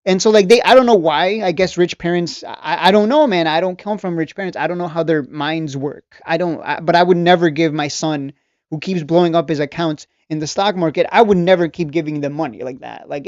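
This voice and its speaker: His voice is on the high side and a little mellow, and he talks fairly quickly, with no room sound. This man, a trading coach who hosts a channel, delivers a casual ranting monologue to stock traders, preaching, mocking, repeating points and restarting sentences. The recording is dry, dull and slightly lo-fi.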